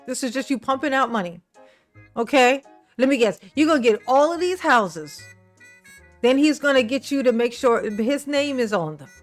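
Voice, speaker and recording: Woman, higher register, sassy reaction commentator: mocking, profane, quick to laugh. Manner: sassy and mocking, laughs often, swears freely; breaks into exaggerated mimicking voices. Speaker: commentator reacting to a news clip.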